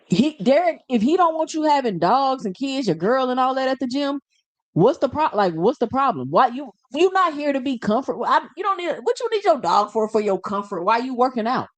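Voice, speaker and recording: A woman's voice: high voice, sing-song, fairly quick, no echo. A woman hosting a live reaction show, talking bluntly and firing off rhetorical questions in casual commentary.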